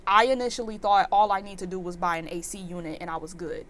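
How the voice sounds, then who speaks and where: A woman's voice: on the low side, quick pace. Exasperated young woman ranting a story. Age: 20s. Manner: animated, exasperated ranting with lots of fillers. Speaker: vlogger. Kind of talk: storytime vlog.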